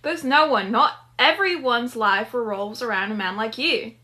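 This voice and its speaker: A woman's voice: a little high, moderate pace, bright, forceful tone. A woman voicing a blunt, sarcastic young woman who is independent and stubborn. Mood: defensive. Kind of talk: dramatic story reading.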